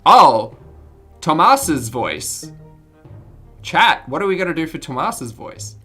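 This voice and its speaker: A woman's voice: low voice, big pitch swings, slow pace, fairly bright tone, husky, soft background music. A woman streamer reading game text aloud with jokey asides, giggling and tripping over words.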